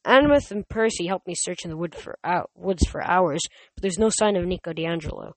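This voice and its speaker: A reader narrating a story in first person, steady, with small slips and restarts. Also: medium pitch, a little fast, dry recording, rough recording. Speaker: audiobook reader.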